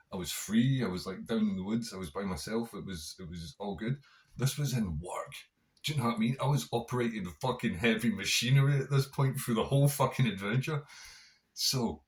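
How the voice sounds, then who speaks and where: Scottish guy on his podcast, fairly low voice, swearing a lot, telling a wild story. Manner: heavy swearing, animated, conversational. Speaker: podcast host. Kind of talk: casual storytelling monologue.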